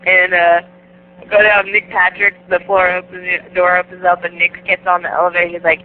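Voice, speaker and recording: A woman guest on an interview, telling stories in a casual, animated way, laughing often and acting out the people in them. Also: fairly low pitch, a little fast. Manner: animated, laughing, acts out the voices in her stories. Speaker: guest wrestler. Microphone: phone. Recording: tinny phone line, faint hiss.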